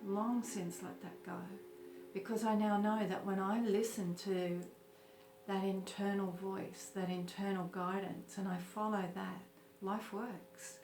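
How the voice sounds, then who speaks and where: Slow, gentle woman guiding meditation. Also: medium pitch, fairly even intonation, background noise. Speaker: meditation teacher. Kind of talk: guided meditation. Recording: roomy with music behind. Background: soft music.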